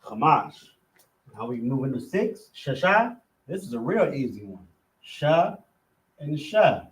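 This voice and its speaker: A man teaching a class, working slowly and methodically through words syllable by syllable and repeating each one. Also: mid-range voice, big pitch swings. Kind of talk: classroom lesson.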